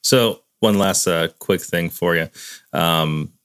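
A male podcast host with a deep, smooth voice, relaxed as he asks his guest questions. The sound is dry and close, with no room in it. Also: slow pace, no echo. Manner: laid-back, encouraging reactions. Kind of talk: casual interview.

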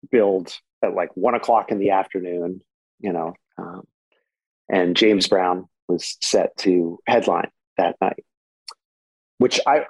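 A man in his forties, a guitarist guest, telling stories in a relaxed, chatty way with many fillers. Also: low-pitched, husky, no echo, rough recording. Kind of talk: conversational storytelling. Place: home. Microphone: remote recording.

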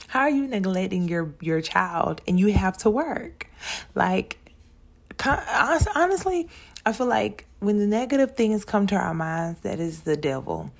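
A woman's voice: mid-range voice, gravelly, a little mellow. A woman hosting her own podcast, talking casually and straight to her listeners, often repeating words as she goes. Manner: chatty, repeats words and restarts, addresses listeners as y'all. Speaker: podcast host. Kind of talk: casual monologue.

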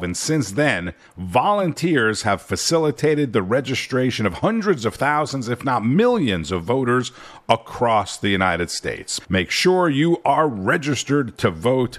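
A man's voice: medium pitch, lively intonation, normal speed, fairly bright tone. A man hosting a daily news brief, reading headlines with wry asides. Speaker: news host.

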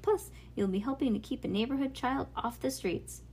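A woman voicing a relaxed middle-aged dad who reminisces about his childhood, in a storybook read-aloud. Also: sits high, a little hiss or hum, pitched above the performer's own voice. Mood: nostalgic. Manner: breezy, nostalgic, brisk when reminiscing.

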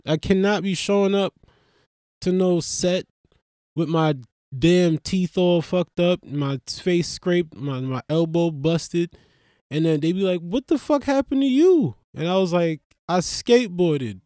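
A man doing a casual comedic monologue as a podcast host, rambling and profane, slipping into loud voiced asides. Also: a little high, slow pace, clear, resonant tone, no echo, studio quality.

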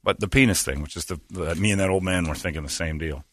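A middle-aged man hosting a casual comedic chat, telling stories with loud high-pitched impressions of other people. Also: fast talker, no echo, studio quality. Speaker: podcast host.

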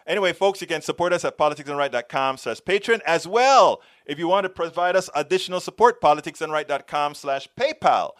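Panamanian guy hosting a live political stream, slightly high voice, rambles and restarts a lot. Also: expressive, quick pace, hardly any pauses, fairly bright tone. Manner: rambling, restarts and stumbles often. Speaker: political show host. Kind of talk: live-stream chat reading viewer comments.

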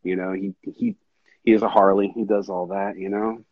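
A man hosting a podcast in casual chat, rambling and earnest, with a husky voice. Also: sits low, flat delivery, moderate pace, highs cut off, a little hiss or hum. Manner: rambling, earnest, says dude a lot. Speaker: podcast host.

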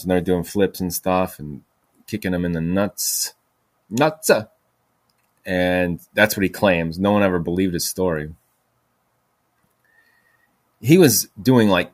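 A man's voice: deep voice, dry recording. A man hosting a podcast, telling stories in a rambling way with many fillers and restarts. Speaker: podcast host. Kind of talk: casual storytelling monologue.

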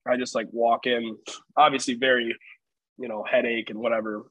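A man's voice: mid-range voice, flat delivery, normal speed, no echo, dull audio. A man in his twenties, a podcast co-host, telling a rambling story in casual chat and laughing along the way.

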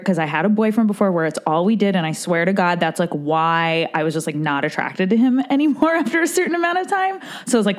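A woman's voice: on the low side, fast talker, hardly any pauses. A woman guesting on a podcast, chatting and laughing along, supportive and open about her own stories. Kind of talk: casual podcast chat.

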